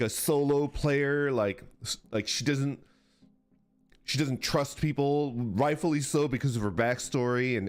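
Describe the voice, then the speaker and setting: A man streaming, chatting casually with viewers, rambling and swearing through animated rants. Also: medium pitch. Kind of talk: casual chat reacting to viewers.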